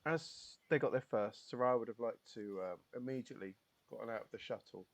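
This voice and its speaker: A man's voice: mid-range voice, brisk. A man playing a character in a tabletop role-playing game, talking in a friendly, hesitant way with plenty of "um" and "uh". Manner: hesitant, friendly, light laughs. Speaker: player. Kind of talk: casual tabletop play, partly in character.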